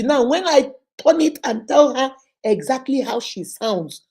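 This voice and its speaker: A woman's voice: fairly high pitch, animated, normal speed, a little mellow, breathy edge. A Nigerian woman, a relationship counselor and host, telling a story and probing by repeating a person's words back in long lists. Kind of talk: storytelling advice talk.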